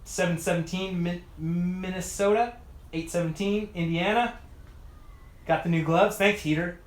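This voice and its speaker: A man's voice: high-pitched, steady tone, measured pace. A tired man chatting to a livestream audience and muttering to himself while he works on a bike. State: tired after hours of work. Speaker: mountain bike video creator. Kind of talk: casual livestream chat while wrenching. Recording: echoey room with faint noise.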